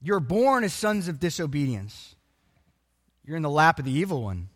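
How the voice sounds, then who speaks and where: A man preaching a sermon, emphatic and animated, quoting scripture. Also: fairly high pitch, normal speed, long reverb tail. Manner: animated and emphatic, acts out voices of people.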